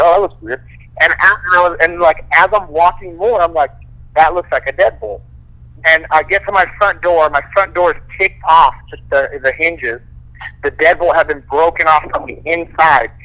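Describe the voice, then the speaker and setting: A man, a fighter guest, casually telling profane, animated stories full of quoted dialogue. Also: fairly high pitch, poor audio. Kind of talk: casual storytelling.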